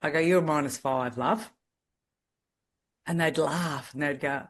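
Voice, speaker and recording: A woman salon business mentor coaching a group over a video call, talking in a blunt, direct and energetic way. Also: sits low, unhurried, long pauses.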